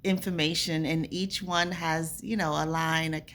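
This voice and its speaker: Low-voiced woman telling a personal story. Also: fairly even intonation, normal speed, a bit bright, a little hiss or hum. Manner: earnest, conversational, acts out remembered dialogue. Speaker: vlogger. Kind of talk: casual personal storytelling to camera.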